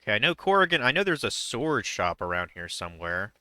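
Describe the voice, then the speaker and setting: A young man talks casually while he plays a game, rambling and stopping often. His voice is very bright and crisp. It sounds close and dry. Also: fairly low pitch, very animated, brisk, no echo. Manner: rambling and hesitant, many fillers. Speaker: streamer. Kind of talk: casual chat while gaming.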